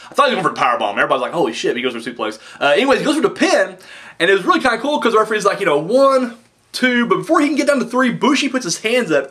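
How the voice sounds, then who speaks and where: A man's voice: a little high, bright, forceful tone. A man casually reviewing a wrestling show, rambling and swearing, with lots of fillers and "dude.".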